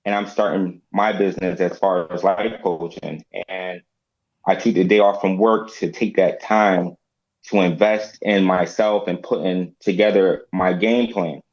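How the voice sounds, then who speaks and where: A man in his forties speaking reflectively and haltingly in casual talk. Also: sits low, fairly even intonation, a little mellow, highs cut off. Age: 40s. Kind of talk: casual chat.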